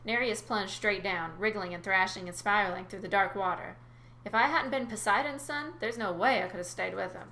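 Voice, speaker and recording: Bright-voiced woman reading a story. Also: mid-range voice, brisk, a little hiss or hum. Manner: lively, chatty asides to listeners. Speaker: narrator. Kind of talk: first-person story reading with casual asides. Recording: roomy recording.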